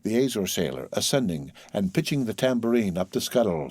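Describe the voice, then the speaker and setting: Man reading an audiobook, calm and measured, dry close mic. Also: lowish voice, no room sound. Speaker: audiobook narrator.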